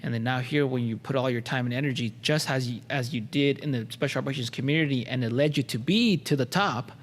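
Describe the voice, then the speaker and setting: A man's voice: mid-range voice, fast talker, long reverb tail. A man hosting a podcast, talking in a reflective way, often stopping and restarting. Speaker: podcast host.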